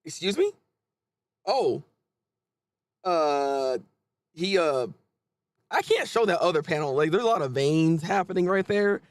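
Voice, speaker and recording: A man hosting a casual live manga reaction, chatty and animated, often restarting his sentences. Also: fairly high pitch, measured pace, long pauses, no room sound.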